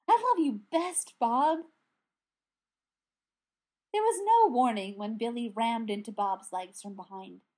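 A woman narrating a fantasy story in an even storytelling manner. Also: fairly high pitch. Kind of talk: audiobook narration.

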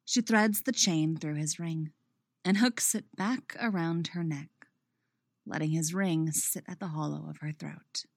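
A woman reading her own romance story aloud, expressive in the narration and chatty and self-mocking in her afterword. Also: sits low, unhurried, dry recording, clean studio sound. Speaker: fan fiction reader and writer.

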